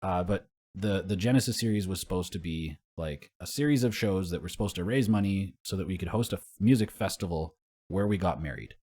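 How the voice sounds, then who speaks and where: Low-voiced man telling rambling stories. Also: brisk, darkish tone, breathy edge. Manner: rambling storyteller, swears and laughs often. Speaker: podcast co-host. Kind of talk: casual podcast chat.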